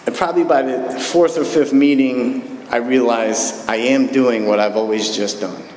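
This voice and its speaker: A man's voice: medium pitch, steady tone, normal speed, darkish tone. Candid man telling his story in an echoey hall. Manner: candid, self-deprecating, joking storyteller. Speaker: recovery meeting speaker. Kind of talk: personal recovery story told to a live group. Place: meeting hall. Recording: echoey hall recording with faint room noise.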